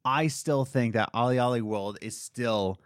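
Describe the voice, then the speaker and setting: A young man co-hosting a casual podcast about video games, talking in an excited, rambling way. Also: measured pace, smooth, no echo, clean studio sound. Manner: excited, rambling, jumps between high and low pitch. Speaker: podcast co-host.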